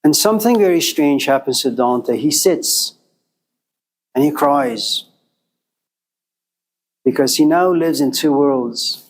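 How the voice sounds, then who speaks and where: A man giving a lecture and telling a story with lively, acted-out voices. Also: a little high, slow pace, pauses often, poor audio. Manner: animated storyteller, acting out voices.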